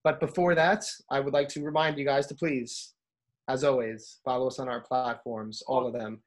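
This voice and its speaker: A man's voice: medium pitch, steady tone, normal speed. A man co-hosting a casual podcast, laid-back and joking. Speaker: podcast co-host.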